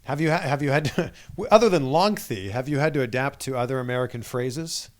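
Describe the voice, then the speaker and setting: A man's voice: medium pitch, a little fast. A man hosting an interview, asking questions in an upbeat way and laughing along with his guest. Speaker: interview host. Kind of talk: casual interview.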